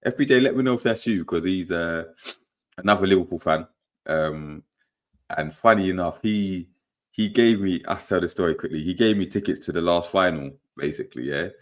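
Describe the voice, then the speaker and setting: At a moderate pace and in a deep voice, a young man runs a relaxed football podcast, chatting about the game and telling stories while laughing along.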